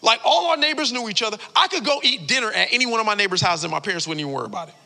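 A male pastor preaching a sermon in a church, telling stories in casual slang with animated delivery. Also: high voice, rapid-fire, vocal fry. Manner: animated storytelling, casual slang, frequent "like" fillers. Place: church sanctuary. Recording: long hall reverb.

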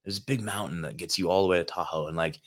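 A man's voice: low-pitched, fast talker, fairly bright tone. A man hosting his own show, telling a road-trip story in a loose, rambling monologue full of filler words and swearing, recorded in a hotel room. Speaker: host.

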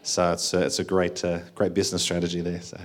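A man's voice: sits low, monotone, fast. A man leading a church meeting, encouraging speakers and thinking aloud as he talks. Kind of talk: sermon-like encouragement.

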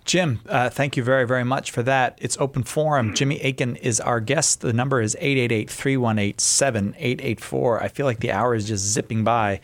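A man's voice: mid-range voice, steady tone, brisk, few pauses. A man hosting a call-in radio show, upbeat and chatty, introducing the guest and taking calls. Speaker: radio host.

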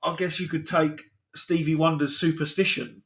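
A man's voice: fairly high pitch, level tone, normal speed, a bit bright, breathy edge. A British man co-hosting a live podcast, tossing out dry wisecracks and song references in loose banter. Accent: British English. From Britain. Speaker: podcast co-host.

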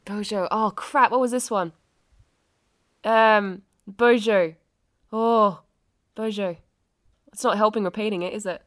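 A woman's voice: mid-range voice, steady tone, measured pace, long pauses, no room sound. A woman co-hosting a podcast, playful and competitive in casual chat. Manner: playful, competitive, laughs a lot.

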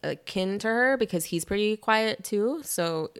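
A young woman casually retelling a novel on a chat podcast, animated, with quick asides and lots of "like". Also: medium pitch, smooth.

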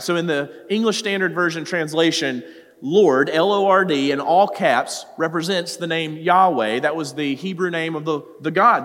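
A man's voice: high voice, a bit bright. A man preaching a sermon as a pastor, earnest and talking straight to his listeners, rising at times to pleading cries. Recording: long hall reverb.

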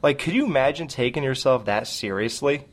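A man co-hosts a casual podcast. He rants and swears, and he often turns sarcastic. His voice sits in an everyday mid pitch. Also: lively intonation, a little fast. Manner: ranting, profane and sarcastic. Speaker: podcast co-host.

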